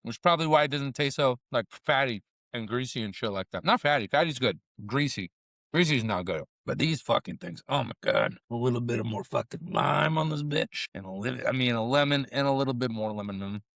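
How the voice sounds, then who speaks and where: A middle-aged food vlogger and comedian, on camera at a taco restaurant, rambles and swears through a casual taco review, shifting between eating noises and sad confessions about his grief, close to tears. His mid-range voice is animated, fairly quick, gravelly, and a bit bright, in a dry recording.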